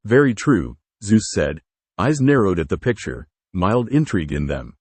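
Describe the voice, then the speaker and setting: A man's voice: deep voice, very animated, moderate pace, a little mellow, husky, no room sound. A man narrating a fan fiction story aloud, giving the dialogue varied inflections. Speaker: fanfiction reader.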